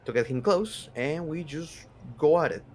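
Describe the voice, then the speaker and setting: A man playing a tabletop game, thinking aloud in halting, restarting sentences as he plans. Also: a little high, darkish tone. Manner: halting, restarts while planning. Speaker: player. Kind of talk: casual game table chat.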